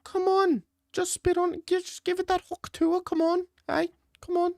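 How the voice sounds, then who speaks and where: A man's voice: very high voice, little pitch movement, normal speed, vocal fry, a little mellow, dry recording, clean studio sound, pitched above the performer's own voice. A man putting on the voice of a frantic corner coach who keeps barking urgent, repetitive instructions between rounds.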